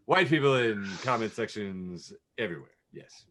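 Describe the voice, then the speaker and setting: Lively bright-voiced man, podcast chat. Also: on the low side, measured pace. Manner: animated, laughs often, self-deprecating. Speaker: podcast co-host. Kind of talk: casual chat, describing memes.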